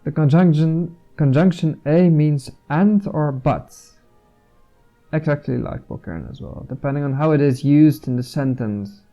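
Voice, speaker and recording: Slow-talking Dutch man explaining language. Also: on the high side, muffled recording, soft background music. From Netherlands. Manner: explains slowly, repeats words, many fillers. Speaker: language vlogger. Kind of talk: casual language lesson.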